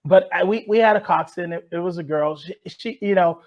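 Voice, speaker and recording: Lively high-voiced man telling a story. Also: brisk, muffled recording. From West Side of Chicago. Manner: lively storyteller who acts out quotes. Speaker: guest, rower and author. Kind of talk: podcast storytelling.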